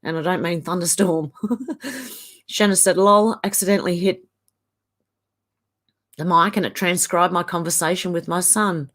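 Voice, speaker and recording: A woman's voice: on the low side, normal speed, long pauses, a bit bright. Chatty Australian woman reading comments. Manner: chatty, reads viewer comments aloud and answers them. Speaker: live-stream host. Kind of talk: casual live-stream chat reading.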